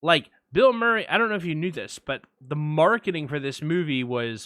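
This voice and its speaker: Bright-voiced chatty male podcast co-host. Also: on the high side, animated, no echo, studio quality. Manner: chatty, quick asides, restarts. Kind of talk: casual film discussion.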